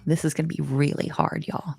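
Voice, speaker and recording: A woman's voice: sits low, little pitch movement, brisk, creaky, a little mellow, husky, dry recording. A woman teaching a live-streamed coding lesson, chatty and playful, thinking aloud and answering chat comments. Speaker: coding bootcamp instructor.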